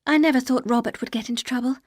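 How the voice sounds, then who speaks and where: A woman's voice: sits high, fairly even intonation, very fast, dry recording, studio quality. A woman playing a shy, anxious young bride. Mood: timid. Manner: earnest, pleading, raised and bright.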